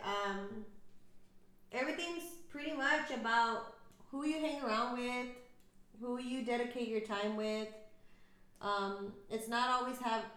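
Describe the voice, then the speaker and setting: A woman's voice: on the high side, fairly bright tone, reverberant. A woman co-hosting a podcast, telling stories in casual, slangy chat full of ums. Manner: chatty storyteller, slangy, frequent ums. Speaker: podcast co-host.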